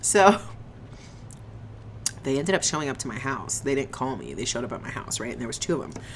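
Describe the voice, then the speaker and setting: A young woman telling a casual storytime on her vlog, animated and slangy, swearing and laughing often, eating on camera. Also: extremely low pitch, a little fast, slight background noise. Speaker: vlogger.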